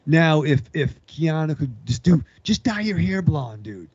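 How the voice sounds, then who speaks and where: A man's voice: on the high side, very animated, a little slow, darkish tone, slightly rough, no room sound, dull audio. A man co-hosting a horror film podcast in loose casual chat, rambling and joking with frequent swearing. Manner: rambling, jokey, swears freely. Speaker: podcast co-host.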